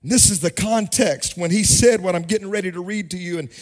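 A man with a strikingly high voice preaches a sermon from the pulpit. His delivery has a musical, sing-song lilt that swells into shouted emphasis and drops low again. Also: brisk. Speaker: pastor. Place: church sanctuary.

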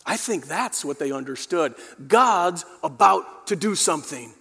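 Man preaching, fairly high voice, dynamic delivery, long church reverb, talks straight to congregation. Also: expressive, a little slow, vocal fry, bright, forceful tone, husky. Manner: dynamic preaching, rising to emphatic peaks and dropping low; addresses the congregation directly. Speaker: pastor. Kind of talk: sermon.

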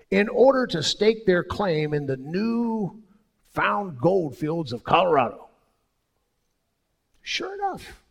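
A man preaching a sermon as pastor, telling stories with sudden swings between loud and soft. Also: sits high, creaky, slightly rough.

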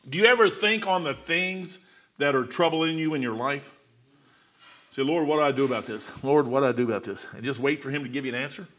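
A man preaching a folksy sermon, swinging between loud proclamations and quiet, confiding asides. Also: a little high.

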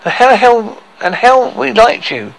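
A man voicing a boastful male dwarf leader in an improvised story, halting as he speaks. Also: very high-pitched, very animated, vocal fry, pitched above the performer's own voice, heavily acted, poor audio.

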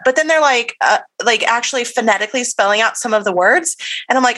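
A woman's voice: on the high side, fairly quick. A woman co-hosting a faith podcast and coaching on the Enneagram, chatty and amused. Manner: chatty, amused, animated asides. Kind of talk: casual faith podcast chat.

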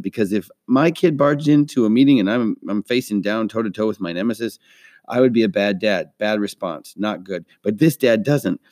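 A man with a low, mellow voice talks through a faith-minded podcast in a loose, rambling way, doubling back on his words. His delivery is earnest and conversational. The recording is close and dry. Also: no echo. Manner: rambling, earnest, many restarts. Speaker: podcast host. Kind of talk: casual faith-based movie talk.

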